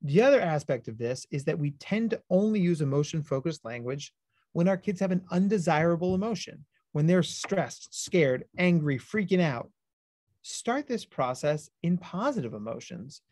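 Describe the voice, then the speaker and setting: Man, clinical psychologist, animated and upbeat, slightly high voice, close dry sound. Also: moderate pace, dry recording. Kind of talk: educational webinar presentation.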